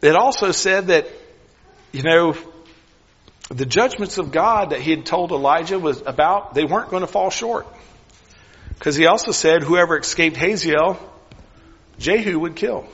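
Male pastor, earnest sermon delivery with long pauses, fairly high husky voice, dull recording in a reverberant sanctuary. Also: a bit bright. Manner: earnest, with deliberate pauses; drops to near whisper for emphasis.

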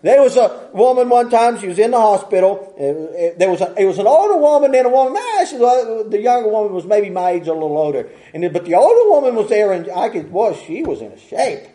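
A man's voice: sits high, very animated, fairly quick, few pauses, warm tone. A man preaching a sermon in a folksy, rambling way, often restarting his sentences and chuckling as he goes.

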